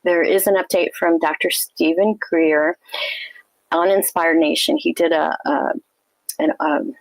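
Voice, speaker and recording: A woman hosting a casual livestream, chatty and loose, her speech full of ums and restarts. Her voice sits low and has a gravelly edge. The sound is dry and close, with almost no room around it. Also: expressive, unhurried, dry recording, low-quality recording. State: throat tickle, coughing. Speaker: host.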